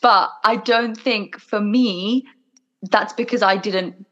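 A woman's voice: medium pitch, steady tone, slow, fairly bright tone. A woman, a podcast guest answering thoughtfully and hesitantly, hedging often. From United Kingdom. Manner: hesitant, hedges with "if that makes sense". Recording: dull lo-fi recording.

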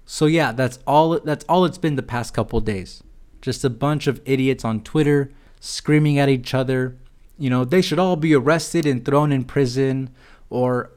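A man's voice: mid-range voice, moderate pace, darkish tone. A man hosting a podcast alone, ranting about politics in a heated, sarcastic and profane way. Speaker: podcast host. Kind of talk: solo political rant.

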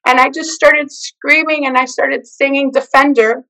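A woman telling her personal faith testimony in an animated way, acting out the voices of the people in her story. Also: sits high, normal speed, poor audio. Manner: expressive storyteller who acts out the quoted lines. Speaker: guest sharing her testimony.

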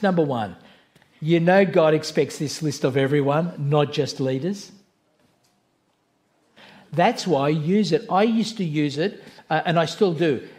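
Pastor, male, fairly high voice; earnest sermon delivered in a chatty, off-the-cuff way in church. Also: a little mellow. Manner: earnest, conversational preaching with asides and self-corrections.

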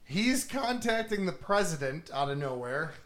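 A man's voice: a little high, moderate pace. A man on a podcast, casually recapping a movie plot, swearing a lot and laughing as he goes. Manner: animated, swears a lot, laughs while retelling. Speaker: podcast host.

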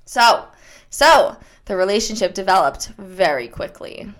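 A woman co-hosting a podcast in casual chat, playful and giggly, a bit tipsy and high as she tells a story. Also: lively intonation, measured pace. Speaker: podcast co-host.

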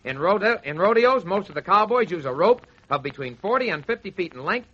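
Bright-voiced wisecracking man on old radio. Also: sits high, expressive, brisk. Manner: wisecracking, gruff joking. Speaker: host. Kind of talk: scripted radio banter. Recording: dull lo-fi 1940s radio recording.

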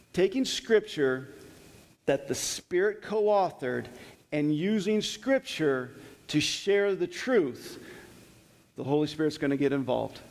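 A man's voice: on the high side, lively intonation, measured pace, vocal fry, darkish tone, in a large hall. Man preaching in a conversational teaching sermon. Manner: conversational teaching with scripture readings and acted retellings.

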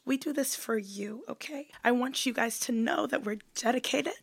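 A woman co-hosting a casual podcast while sick. Her voice is raspy, sore and cracking, with plenty of gravelly fry. The sound is close and dry, and she laughs easily and talks with lots of energy. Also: a little high, moderate pace, dry recording. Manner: giggly, animated. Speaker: podcast co-host. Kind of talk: casual chat.

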